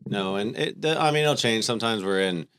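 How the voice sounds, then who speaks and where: A man in his thirties, a podcast co-host, telling stories about his family in a relaxed, conversational way. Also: fairly low pitch, a little fast, clean tone. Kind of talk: casual faith conversation.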